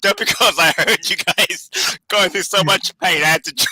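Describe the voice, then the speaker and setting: A man's voice: high-pitched, moderate pace, very noisy. A man joining a football watch-along as a guest, blunt and laughing in resignation. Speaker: guest caller. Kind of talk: casual watch-along chat.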